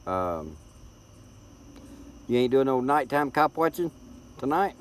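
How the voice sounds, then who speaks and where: A man's voice: medium pitch, big pitch swings, slow, slight background noise. A middle-aged man from Tennessee with a Southern accent, chatting casually and rambling as he hosts a live stream, recorded on a tablet's built-in mic. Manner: folksy, rambling, repeats words as he talks. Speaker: livestream host.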